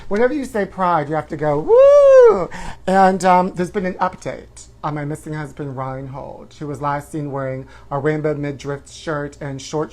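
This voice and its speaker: A man's voice: on the high side, close to an everyday voice. A man playing a self-absorbed woman hosting a trashy tabloid talk show, drawling honey at everyone and breaking into whooping shrieks. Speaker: host. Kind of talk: campy comedic live-stream character.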